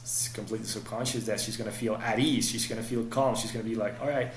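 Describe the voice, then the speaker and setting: A man's voice: lowish voice, fairly even intonation, quick pace, echoey room, slight background noise. A man explaining dating advice on a podcast in a coaching tone. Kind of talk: podcast conversation.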